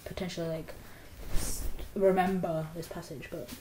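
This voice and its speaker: A woman's voice: lowish voice, little pitch movement, normal speed, warm tone, a little hiss or hum. A young woman in casual book review chat, rambling with lots of "like" fillers. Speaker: book vlogger. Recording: echoey room.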